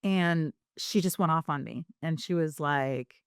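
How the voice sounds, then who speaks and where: Low, smooth-voiced woman telling her story. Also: measured pace, hardly any pauses, no room sound, studio quality. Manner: rambling, with many fillers and restarts. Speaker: podcast guest. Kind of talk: candid storytelling interview.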